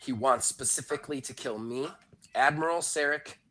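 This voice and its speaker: A man's voice: medium pitch, moderate pace, bright, forceful tone, natural voice. A man voicing a frightened, injured woman officer who gives urgent, pleading warnings in a tabletop game. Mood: fearful.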